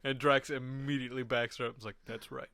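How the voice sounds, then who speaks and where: A man's voice: mid-range voice, level tone, quick pace, bright, forceful tone, smooth, dry recording, studio quality. A man co-hosting a podcast in casual chat, laughing while he retells movie scenes. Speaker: podcast co-host.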